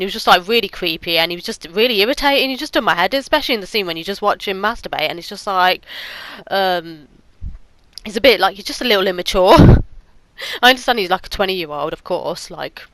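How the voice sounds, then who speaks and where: A woman's voice: fairly low pitch, a bit bright, dry recording, low-quality recording. A woman giving a casual, rambling spoken movie review, often stopping to search for words.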